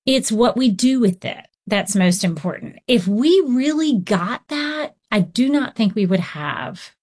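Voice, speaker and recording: A woman who writes on parenting and counsels children, speaking expressively in a conversational interview. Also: measured pace. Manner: expressive, acts out children's voices with big pitch swings.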